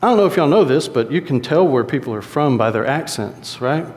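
A man preaching a sermon in a conversational, animated storytelling way. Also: mid-range voice, fairly quick. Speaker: pastor. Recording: long hall reverb.

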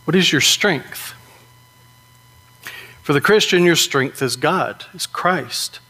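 A man preaching a sermon in a conversational way, often asking "right?" and slowing down to stress key points. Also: a little high, animated, pushed and bright. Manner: conversational, with frequent rhetorical "right?".

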